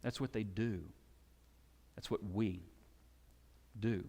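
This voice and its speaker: A man preaching a sermon, animated and conversational, sometimes acting out the shouting crowds he describes. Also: fairly low pitch, takes it slowly. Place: church sanctuary. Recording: long hall reverb.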